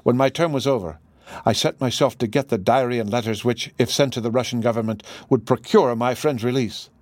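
A man's voice: medium pitch, fairly quick, darkish tone, no room sound, clean studio sound, natural voice. A man reading the lines of a proud, desperate Russian woman, in an impassioned, accusing manner. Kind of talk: audiobook dialogue reading.

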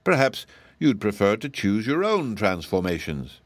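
A man's voice: on the low side, very animated, measured pace, no room sound. A man voicing a huge, falsely sweet giantess witch who talks in a mocking, self-assured way for a storybook reading. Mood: scornful.

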